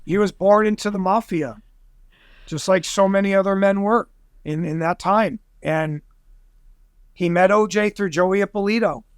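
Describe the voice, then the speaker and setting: A man guesting on a podcast, telling a story in an excitable, rambling way and acting out other people's voices. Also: high voice, moderate pace, clear, resonant tone, no echo, studio quality. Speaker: guest investigator. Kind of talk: animated storytelling in conversation.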